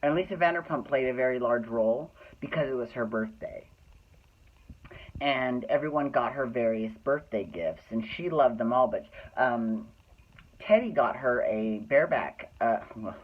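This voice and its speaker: A chatty, rambling podcast host recapping reality TV in a campy, gossipy way, full of asides and slang. The voice sits at a middling pitch. It comes through thin and tinny, like a phone line. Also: animated, measured pace, pauses often. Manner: chatty, rambling, with frequent restarts and laughs. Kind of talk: casual gossipy recap chat.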